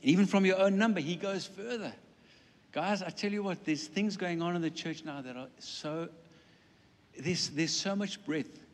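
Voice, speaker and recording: Animated preacher man in a reverberant hall. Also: fairly high pitch, unhurried. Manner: animated, acts out quoted voices, playful asides. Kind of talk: sermon.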